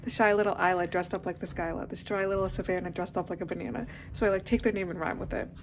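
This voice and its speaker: A young woman who vlogs and teaches preschool music chats casually about her day, rambling and leaning heavily on "like." Her lowish voice moves fast with fairly even intonation. The recording is rough, with slight background noise.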